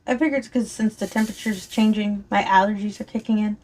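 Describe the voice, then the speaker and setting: A woman's voice: medium pitch, steady tone, quick pace, a little mellow. A woman chatting casually and rambling while she works on a craft, her voice a little strained from allergies, often apologizing and laughing. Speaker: crafting vlogger. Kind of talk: casual chat while diamond painting.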